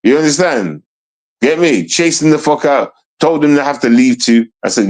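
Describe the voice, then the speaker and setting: Heated and profane, this male streamer rants on a livestream in a mid-range voice with lively intonation and a moderate pace. The recording is low quality, and he hammers his points through repetition while repeatedly asking, "you understand?"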